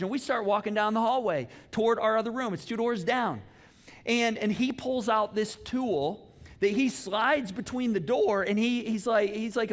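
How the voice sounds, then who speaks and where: High-voiced animated male preacher. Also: moderate pace. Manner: animated storytelling, acts out dialogue. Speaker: pastor. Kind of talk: sermon. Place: church auditorium. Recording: long hall reverb.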